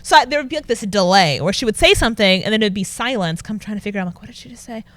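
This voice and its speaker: A young adult woman, a news anchor, chatting as a guest and telling animated stories with frequent laughter. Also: mid-range voice, very fast, no echo. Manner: animated storyteller, laughs often. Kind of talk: casual interview chat.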